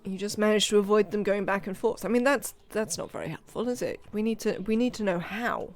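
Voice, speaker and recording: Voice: medium pitch, brisk. A UK streamer giving chatty let's-play commentary, thinking aloud and talking to the game's characters. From United Kingdom. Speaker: live game streamer.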